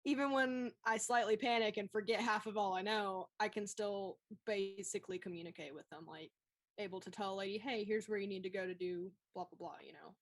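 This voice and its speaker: A woman with a Southern American accent chatting casually as a livestream co-host, animated and laughing often. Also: medium pitch, a little fast. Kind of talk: casual chat.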